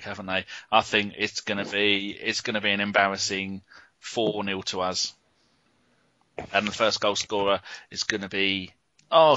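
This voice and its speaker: A man's voice: fairly low pitch, sharp tone, dry recording. A man co-hosting a casual fan podcast, joking and teasing the others as he reads out competition winners. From England. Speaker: podcast co-host. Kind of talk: casual chat. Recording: dull, lo-fi podcast sound.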